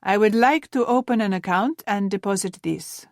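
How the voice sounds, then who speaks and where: A woman's voice: mid-range voice, normal speed, dry recording, clean studio sound, lightly acted. A woman narrator voicing a proud, formal Russian man who works as an exiled naval cryptographer.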